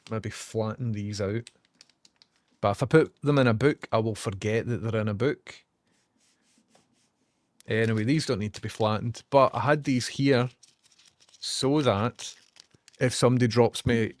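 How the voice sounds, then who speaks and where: A man's voice: mid-range voice, dry recording. A young Scottish man hosting a livestream, rambling casually and swearing as he reads out viewer comments. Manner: chatty, sweary, rambling asides. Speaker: livestream host.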